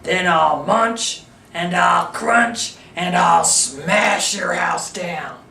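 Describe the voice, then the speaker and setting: A big bad storybook shark with a forceful, growly voice and slow, heavy threats, as a woman puts him on. The sound is roomy and from some distance off, with a faint hiss. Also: on the low side, vocal fry, exaggerated voice. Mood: menacing. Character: big bad hungry male shark, menacing.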